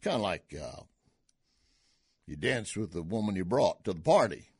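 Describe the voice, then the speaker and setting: A man's voice: deep voice, very animated, moderate pace, a little mellow, husky, dry recording, clean studio sound. A man hosting a political talk radio show, folksy and sarcastic, scoffing at his opponents.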